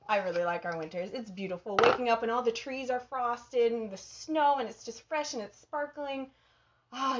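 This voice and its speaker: A woman's voice: fairly high pitch, lo-fi sound, noisy background. A chatty, bubbly woman with a Minnesotan accent, hosting a live cooking stream and reading viewers' comments aloud. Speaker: cooking show host.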